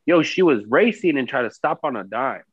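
A man's voice: mid-range voice, expressive, a little fast, husky, no room sound, narrow, tinny audio. A man in casual chat telling a heated story full of swearing.

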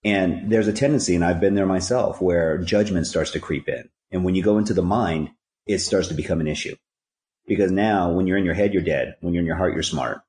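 A podcast guest with a low, darkish voice speaks briskly in a roomy-sounding space. He tells stories and hands out earnest, preachy life advice built around rhyming catchphrases in a conversational way.

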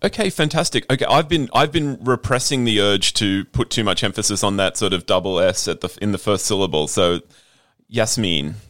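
An Australian man hosts a book interview with eager enthusiasm and frequent restarts. His voice sits fairly low and sounds dry and close. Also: brisk, few pauses, fairly bright tone, dry recording. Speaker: podcast host. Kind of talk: interview host. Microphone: video call.

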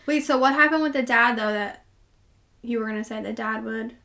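Woman co-host, a bit high, reactive and grossed-out, casual. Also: a little fast, pushed and bright. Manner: reactive, squeamish, lots of "ew". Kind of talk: casual chat.

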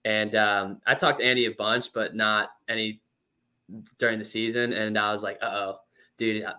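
A man in his twenties, a former pro baseball player, telling stories as a guest in a casual interview, chatty and lively with lots of fillers. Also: on the low side, normal speed, clean tone.

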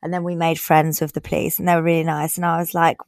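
A woman co-hosting a podcast, telling stories and reading listener messages aloud in a lively way, acting out the quotes. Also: lowish voice, fast talker, gravelly, hardly any pauses, no echo. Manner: lively storyteller, acts out quotes. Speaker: podcast co-host.

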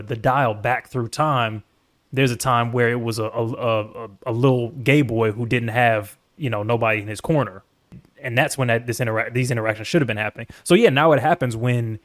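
A man co-hosting a casual reaction chat, telling stories in a rambling, animated way with swearing. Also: medium pitch. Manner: rambling, animated storytelling with profanity. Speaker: podcast co-host.

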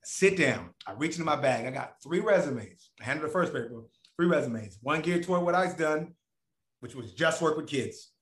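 A man's voice: a little high, lively intonation, moderate pace, fairly bright tone, reverberant. A man as a podcast guest, telling a long story in a casual, profane way and acting out other people's voices.

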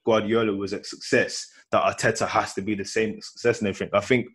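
A man hosting a casual football chat, relaxed, asking questions and laughing often. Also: lowish voice, fast talker, slightly rough.

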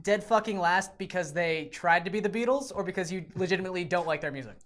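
Male podcast co-host, slightly high voice, dry sarcastic ribbing. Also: fast, fairly bright tone. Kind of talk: casual chat.

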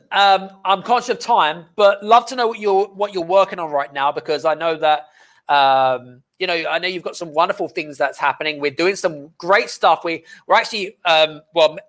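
A man hosts an interview in a somewhat high voice. He speaks with emphasis, pausing on "um" as he gathers his thoughts before landing his point firmly. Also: fairly bright tone. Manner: emphatic, with halting "um" fillers. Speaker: host. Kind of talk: conversational interview.

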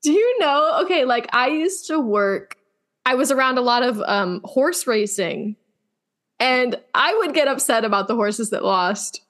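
A young woman with a slightly high voice chats on a casual podcast. She fills her sentences with "like" and is quick to call herself an empath. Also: expressive, a bit bright. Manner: chatty, filler-heavy, emotional. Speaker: podcast co-host. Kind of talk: casual chat.

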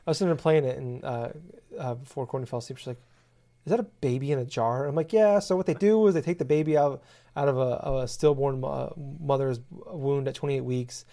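A man's voice: medium pitch, fast, warm tone. A man in casual chat, rambling and swearing as he rants about a game. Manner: profane, rambling, exasperated ranting.

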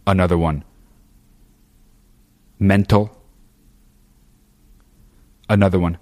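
Deep-voiced man ranting profanely. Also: moderate pace, pauses often. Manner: profane, rambling, opinionated; frequent fillers and restarts. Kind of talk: casual monologue.

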